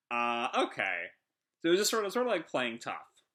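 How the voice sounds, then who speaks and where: Man, live manga chapter reaction, casual and rambling, filler words, bright voice. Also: medium pitch, very animated, normal speed.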